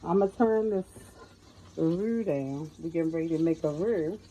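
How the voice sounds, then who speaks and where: A woman's voice: low-pitched, measured pace, warm tone, slight background noise, poor audio. A middle-aged woman giving a folksy, chatty cooking tutorial in her home kitchen, often calling out to viewers as y'all. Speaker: home cook.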